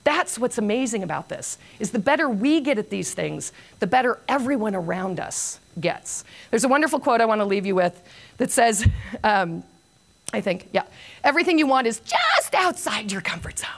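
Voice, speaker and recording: An older woman giving a motivational conference talk, telling a long anecdote with self-mocking humor and lively storytelling. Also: mid-range voice, moderate pace, creaky. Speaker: keynote speaker.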